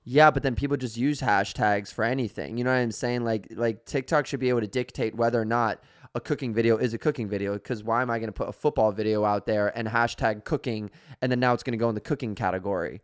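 A man in casual podcast chat, animated and rambling, full of fillers. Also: medium pitch, fast talker. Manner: animated, rambling, filler-heavy, says bro.

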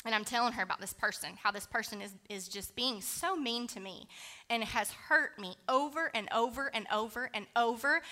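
A woman delivers a sermon in a bright, forceful voice pitched a bit high. She talks candidly and conversationally, weaving scripture into a personal story with casual fillers. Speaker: preacher.

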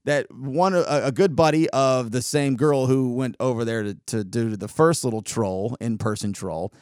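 A man hosting a show, telling a story in a sarcastic, animated way with quick asides. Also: mid-range voice, smooth, no echo, studio quality. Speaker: podcast host. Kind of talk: casual storytelling monologue.

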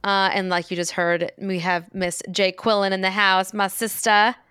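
Chatty woman podcast host, smooth dry voice. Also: mid-range voice, little pitch movement, moderate pace, pushed and bright, dry recording. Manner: chatty, laughs often, trails off mid-sentence. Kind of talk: casual chat.

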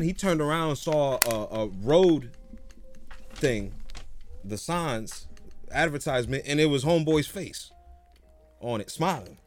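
A man's voice: a little high, animated, measured pace, long pauses. Guy on a podcast, easygoing, cusses a lot, laughs mid-story, faint music under him. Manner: laid-back storyteller, swears freely, laughs often. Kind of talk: casual chat.

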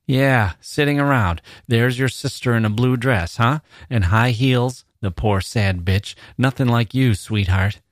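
A man reading the part of a menacing, smooth-talking male stalker, coaxing in a casual drawl full of slang. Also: medium pitch, measured pace, few pauses, no room sound, studio quality, voice pushed up, close to an everyday voice.

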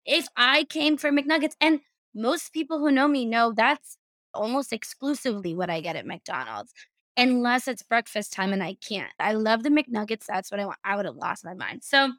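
A woman's voice: a little high, lively intonation, normal speed, a bit bright, no echo. A woman hosting a podcast, chatting casually and reading out a news story with sarcastic, swearing asides. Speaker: podcast host.

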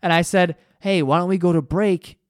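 A man's voice: high voice, fairly even intonation, normal speed, no room sound, clean studio sound. A young man hosting a podcast, telling a rambling story in a casual, profane way and jumping into voices for the people he quotes. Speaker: podcast host.

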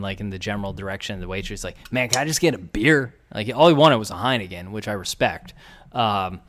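A man, telling a story in casual podcast chat and acting out the voices of people in it. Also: on the low side. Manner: animated storyteller, acts out quoted voices.

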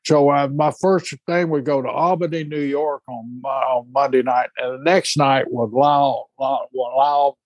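A man chats in a relaxed, casual way and chuckles along. His voice is average in pitch. The recording sounds dry, with no room echo. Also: normal speed, few pauses, dull audio. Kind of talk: casual chat.

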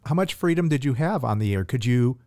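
A man hosting a podcast, asking loose, halting questions. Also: mid-range voice, lively intonation, a little mellow, no room sound, studio quality. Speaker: podcast host. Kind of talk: interview questions.

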